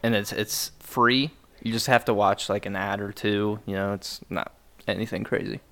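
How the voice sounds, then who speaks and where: Young male podcast co-host, low and gravelly, relaxed rambling chat. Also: normal speed. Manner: laid-back, rambling, with frequent fillers. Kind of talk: casual chat.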